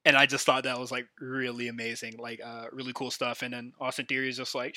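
A man hosts his own show alone, talking in a loose, filler-packed way. His voice has a bright, forward edge. The sound is close and dry, with no room around it. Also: mid-range voice, level tone, fairly quick, dry recording. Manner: rambling, filler-heavy, enthusiastic fan talk. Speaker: podcast host. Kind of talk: casual solo wrestling recap.

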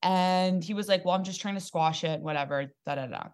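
A young adult woman comedian telling a dating story in casual podcast chat, animated and joking, with quick asides. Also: lowish voice, clear, resonant tone. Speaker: comedian guest.

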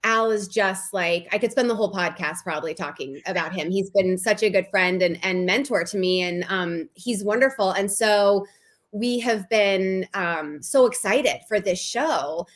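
Woman podcast guest, mid-pitch; chatty storyteller who acts out quotes. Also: normal speed. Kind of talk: casual chat.

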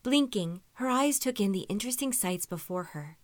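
A woman narrating a story in an even, measured reading voice. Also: medium pitch, no room sound. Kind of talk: audiobook-style story reading.

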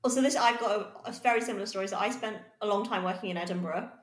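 Co-host: English woman, animated storyteller, roomy echoey sound. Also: medium pitch, very fast. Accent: neutral southern English. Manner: lively, animated storytelling, frequent laughter. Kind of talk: casual chat.

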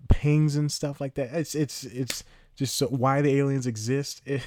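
Medium in pitch and darkish in tone, this man speaks at a measured pace with fairly even intonation and no room sound. As a podcast host he casually discusses a movie he saw, rambling, self-interrupting and chuckling often.

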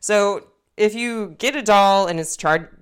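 A woman's voice: mid-range voice, measured pace, clean tone. A young woman co-hosting a podcast in casual chat, rambling and swearing freely, often restarting her sentences. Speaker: podcast co-host.

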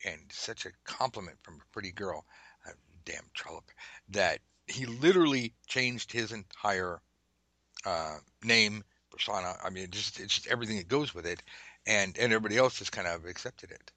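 A man's voice: lowish voice, normal speed, bright, forceful tone, no room sound, rough recording. A man hosting a casual tarot lesson podcast, rambling and chatty, drifting into side stories and the odd swear word. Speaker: podcast host teaching tarot.

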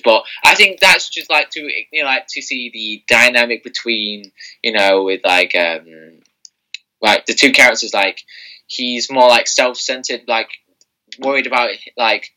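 A man's voice: medium pitch, sharp tone, rough recording. A man co-hosting a podcast in casual chat, rambling with many fillers and restarts. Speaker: podcast co-host.

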